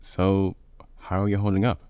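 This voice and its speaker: A man voicing a quiet, serious young man who can summon a monster, soft-spoken and understated, for a fan-made audio story. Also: sits low, completely flat delivery, moderate pace, clear, resonant tone, no room sound, lightly acted. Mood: casual.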